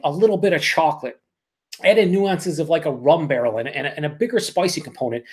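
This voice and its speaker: Excitable man reviewing beer. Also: on the high side. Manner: excitable, profane, emphatic. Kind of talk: live-stream beer review.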